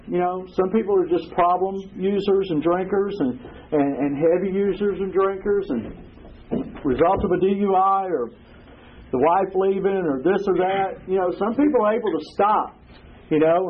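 High-voiced man on a tinny recording. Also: slightly rough. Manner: rambling, earthy, heavy on "you know". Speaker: speaker at a recovery meeting. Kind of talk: personal testimony to a group. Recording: tinny phone-like recording with faint hiss.

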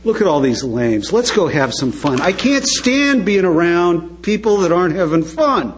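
A man voicing the insistent inner voice of his alcoholic obsession, pressing him to go drinking in a low, wheedling tone. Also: big pitch swings, moderate pace, a little hiss or hum. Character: craving inner voice of an alcoholic, restless, pushy.

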